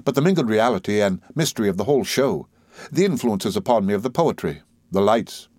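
A man narrating a classic novel in the first person, with a measured, expressive literary reading style. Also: fairly low pitch, dry recording, clean studio sound. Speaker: audiobook narrator.

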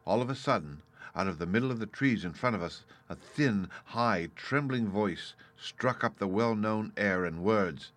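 A man reading a story aloud in steady, measured scripted narration. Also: lowish voice, no echo. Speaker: audiobook narrator.

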